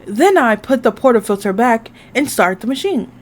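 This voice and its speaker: A woman's voice: a little high, very animated, normal speed. A woman hosting a gaming channel, reading a dating game aloud in the first person, with casual asides.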